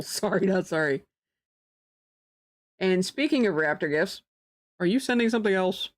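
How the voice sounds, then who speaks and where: A woman streamer giving casual gameplay commentary, excitable and quick to laugh, with drawn-out exclamations. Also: medium pitch.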